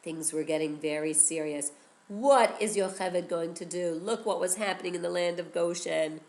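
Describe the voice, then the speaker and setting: A woman teacher telling a story to children in an animated way, often drawing her young listeners in. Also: on the low side, moderate pace, poor audio. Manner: animated, addresses listeners with "guess what".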